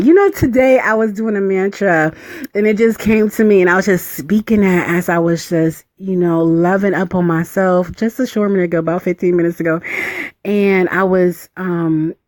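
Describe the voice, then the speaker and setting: A woman guiding a spiritual ritual, unhurried and soothing, humming and sighing as she repeats affirmations in a chanting rhythm. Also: on the low side, no room sound. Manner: unhurried and soothing, with hums and sighs. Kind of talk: guided ritual meditation.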